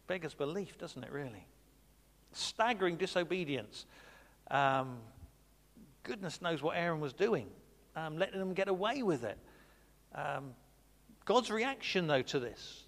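Man, preaching, questions to the congregation, slightly high voice, long hall reverb. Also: a bit bright. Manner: conversational, asks the congregation questions. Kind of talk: Bible study sermon.

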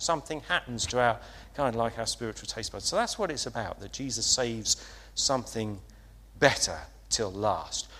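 Man, preacher, conversational sermon, halting with ums, long hall reverb. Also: medium pitch, lively intonation, a bit bright. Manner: conversational, hesitant with many fillers and restarts. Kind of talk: informal sermon.

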